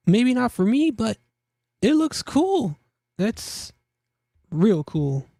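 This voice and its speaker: A young man hosts a relaxed rundown of gear listings, chatty and jokey, repeating himself and laughing at his own jokes. His voice is very high-pitched and very animated yet slow-paced, gravelly and mellow. The recording is clean studio sound with no room ambience.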